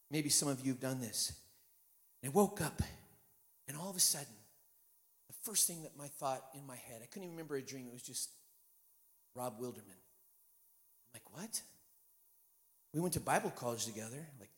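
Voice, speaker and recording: Guy in his 50s preaching, pretty high voice, tells stories then gets loud, big echoey church hall. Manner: storytelling, building to shouted preaching. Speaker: guest pastor. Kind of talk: sermon. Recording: long hall reverb.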